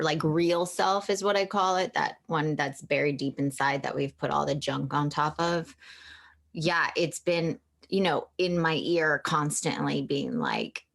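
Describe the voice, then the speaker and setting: A woman's voice: deep voice, creaky, a bit bright. A woman author speaking candidly as an interview guest, emotional and searching, often restarting her sentences.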